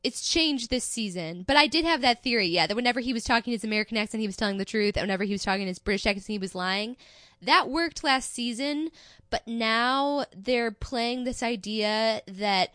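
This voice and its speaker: A young woman co-hosting a podcast, giving a wry, sarcastic critique of a TV show in quick bursts. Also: fairly high pitch, animated, fairly bright tone, dry recording, clean studio sound. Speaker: podcast co-host. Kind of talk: casual chat reviewing a TV show.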